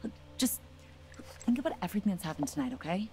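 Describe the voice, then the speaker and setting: A woman's voice: lowish voice, sing-song, fast, darkish tone, faint music behind. An actress voicing a wry young woman in a horror video game who refuses to get involved, speaking drily.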